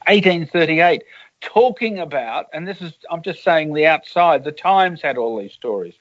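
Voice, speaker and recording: A man's voice: on the high side, expressive, normal speed, highs cut off. Rambling Australian man telling anecdotes. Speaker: author and journalist. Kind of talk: casual interview.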